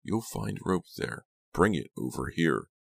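A man voicing a cold, menacing middle-aged gunman who speaks softly and dryly in an audiobook. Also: deep voice, a little slow, vocal fry, no room sound, full character voice. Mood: threatening. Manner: soft, flat, dryly threatening. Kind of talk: audiobook character reading.

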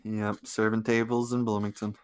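A man's voice: fairly low pitch, flat delivery, normal speed. A young man co-hosting a casual podcast, a new father, talking in an easygoing way and laughing often. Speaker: podcast co-host.

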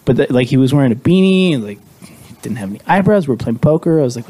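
A man co-hosting a casual podcast, telling stories in a slangy, animated way. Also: mid-range voice. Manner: rapid, animated, slangy storytelling. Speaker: podcast co-host. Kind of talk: casual chat.

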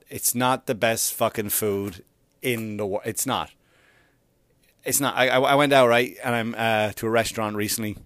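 A man's voice: medium pitch, dry recording. A man doing a stand-up comedy routine, ranting in an exasperated, profane way.

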